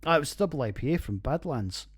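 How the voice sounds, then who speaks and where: A Scottish man in his forties talks through a casual podcast review, rambling and swearing freely and laughing at his own jokes. His voice sits at a middle pitch. It is recorded dry and close on a home computer. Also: expressive, fast, breathy edge, no room sound. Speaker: podcast host. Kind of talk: casual beer review monologue.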